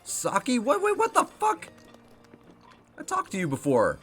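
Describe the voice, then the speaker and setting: A man's voice: very high-pitched, huge pitch swings, unhurried, fairly bright tone, soft background music. A man giving casual, swearing commentary while playing a video game. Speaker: gameplay streamer. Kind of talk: casual let's play commentary.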